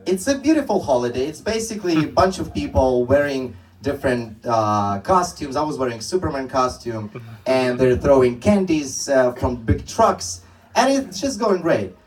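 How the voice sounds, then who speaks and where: A man's voice: mid-range voice, very animated, normal speed, few pauses, distant mic, low-quality recording. A young man doing a stand-up comedy set on a club stage, telling rambling stories with many restarts.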